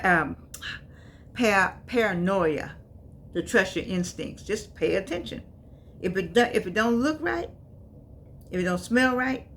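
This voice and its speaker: An older woman talks in a folksy, preachy way, pressing her points hard and sometimes shooting up into high exclamations. Her voice sits at a middle pitch, with a faint hiss of background noise behind her. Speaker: commentator. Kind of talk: casual spoken commentary.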